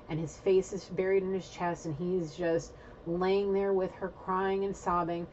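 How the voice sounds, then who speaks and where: Excitable low-voiced woman doing a reading. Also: lo-fi sound, slight background noise. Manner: excitable, rambling, swears, talks to viewers directly. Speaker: intuitive reader. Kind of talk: casual spiritual reading to camera.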